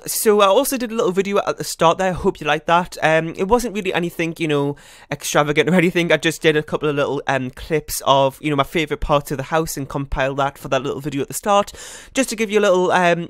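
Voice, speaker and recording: A man's voice: on the high side, a bit bright, no room sound, studio quality. A man giving casual, rambling voice-over commentary on a building game, often correcting himself. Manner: fast, rambling, self-correcting chatter. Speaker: YouTuber.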